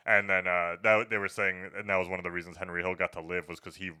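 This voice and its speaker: Man, bright clear voice, lively casual chat, dry recording. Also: low-pitched, fast, no room sound. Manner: animated, swears freely, bursts into loud quoting. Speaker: podcast co-host.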